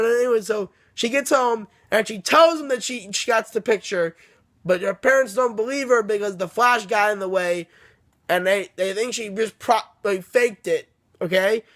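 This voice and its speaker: A young man with a high-set voice retells a book's plot in a loose, rambling way. He swears casually and keeps apologizing for going off topic. The sound is dry and close, with no room around it. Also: fairly bright tone, no room sound. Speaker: book reviewer. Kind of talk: casual rambling book recap. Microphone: phone camera.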